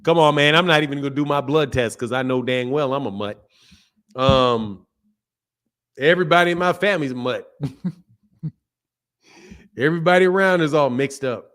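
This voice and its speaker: A man's voice: medium pitch, normal speed, long pauses, fairly bright tone. A man with a Philadelphia accent hosting a casual boxing livestream, reading super chats in a playful way and repeating phrases.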